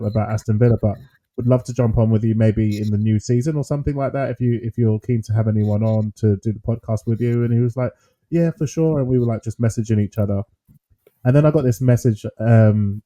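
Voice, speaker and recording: A man's voice: on the low side, dark tone. A man co-hosting a casual podcast, talking with many ums and laughing often. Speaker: podcast co-host. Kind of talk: casual chat.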